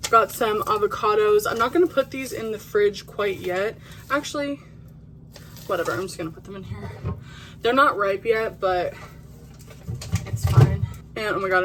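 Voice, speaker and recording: Woman vlogger just chatting, mid voice, super candid and loose, bit of faint noise behind. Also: medium pitch. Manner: chatty and candid, with filler words and casual swearing. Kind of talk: casual chat to camera.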